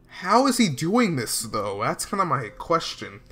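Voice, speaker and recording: A reaction video host watches something live, his high, slightly rough voice swinging widely from hushed murmurs to excited outbursts, exclamations and laughs. He talks in an unhurried, drawn-out way, heavy on casual slang and filler, with a bright, forward tone and faint music in the background.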